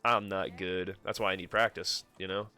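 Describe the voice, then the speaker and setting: A man streams a game with casual, self-directed commentary and plenty of swearing. His voice sits low but sounds bright and forceful. Soft game music runs underneath. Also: steady tone, moderate pace. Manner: swears freely, talks to himself. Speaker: live streamer.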